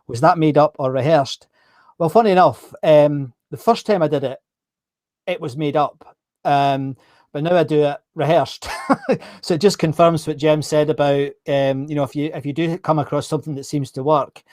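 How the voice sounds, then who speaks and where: A man's voice: a little high, fairly even intonation, moderate pace, darkish tone, no echo, studio quality. A Scottish man hosting a live-streamed interview, chatting casually, correcting himself and reading out viewer comments. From Scotland. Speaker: host.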